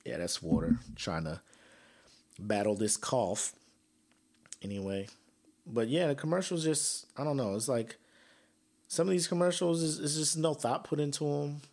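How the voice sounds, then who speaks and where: A man's voice: mid-range voice, normal speed, pauses often. A young man hosting a podcast, ranting casually with slang, swearing and sarcasm. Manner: profane, animated, sarcastic, slangy. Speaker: podcast host.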